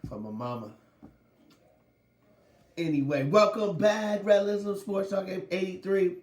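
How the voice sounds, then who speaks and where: A man's voice: high voice, takes it slowly, a little mellow, reverberant. A man hosting a sports podcast, talking casually with lots of slang and laughing as he goes. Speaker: podcast host.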